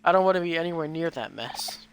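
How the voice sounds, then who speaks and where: A man reading the lines of an energetic, cocky teenage boy, breaking in with munching sounds. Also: on the high side, fast talker. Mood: eager. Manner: reads game dialogue aloud, says munch between lines. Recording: noisy recording.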